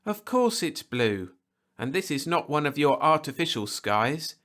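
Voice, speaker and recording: A man reading a storybook aloud, voicing a proud, fiery young frontier woman who talks in a sharp, lecturing way. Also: on the high side, very animated, measured pace, voice pushed up. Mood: brisk, practical.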